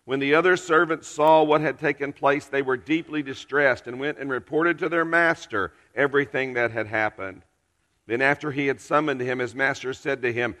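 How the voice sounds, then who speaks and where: Male preacher, earnest storyteller with dramatic pauses, bright tone, long church-hall reverb. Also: medium pitch. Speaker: pastor. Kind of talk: storytelling sermon.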